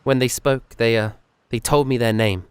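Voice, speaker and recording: A man voicing a troubled young man who confides a fear in a hesitant, halting, earnest way. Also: medium pitch, fairly even intonation, clear, resonant tone, natural voice. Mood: uneasy confiding.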